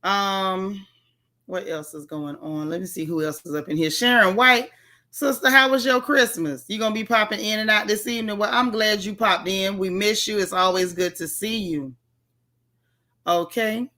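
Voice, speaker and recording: A woman hosts a casual live stream from home, tired and yawning but still chatty. Her voice has a bright, edgy tone. She greets each viewer by name in folksy slang. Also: medium pitch, moderate pace. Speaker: livestream host.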